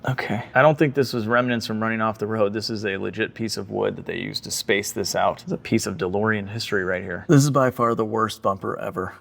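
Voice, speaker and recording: Gravelly-voiced man in his garage. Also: on the low side, fairly quick, few pauses. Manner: chatty, excitable, jokey asides while working. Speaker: car restoration YouTuber. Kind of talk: casual workshop vlog. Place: home garage workshop.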